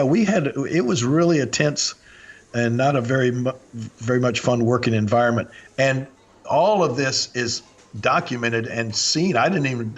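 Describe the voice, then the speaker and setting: An older man hosting a podcast, telling a story in a casual way and acting out the lines of the people in it. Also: medium pitch. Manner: animated anecdote-telling, acts out quoted lines. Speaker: podcast host.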